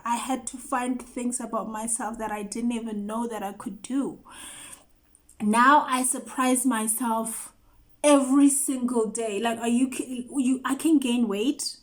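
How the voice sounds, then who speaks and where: Earnest woman with a higher voice. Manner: earnest, emphatic, repeating phrases for effect. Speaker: host. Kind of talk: personal testimony monologue.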